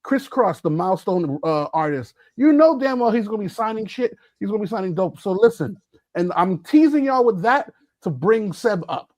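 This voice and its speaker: Passionate ranting man, high voice. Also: animated, moderate pace, darkish tone, no room sound. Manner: passionate, ranty, emphatic. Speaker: podcast co-host. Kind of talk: casual chat.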